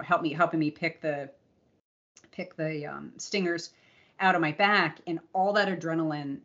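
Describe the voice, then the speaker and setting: A woman co-hosting a podcast, telling a personal race story in a candid, animated way with frequent restarts and laughter. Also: deep voice, highs cut off. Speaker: podcast co-host and endurance coach. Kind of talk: casual storytelling chat.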